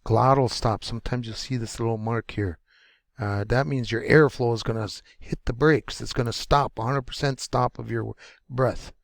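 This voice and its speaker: A man teaching pronunciation, sounding out words slowly and repeating each syllable. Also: medium pitch, steady tone, vocal fry, no echo, studio quality. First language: English. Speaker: language teacher. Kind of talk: pronunciation lesson.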